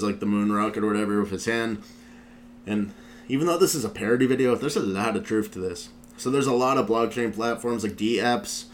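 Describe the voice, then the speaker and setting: A man's voice: lowish voice, a little hiss or hum. A male show host in casual commentary, recapping a video in a rambling way with lots of filler words. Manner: rambling, heavy use of "like" fillers.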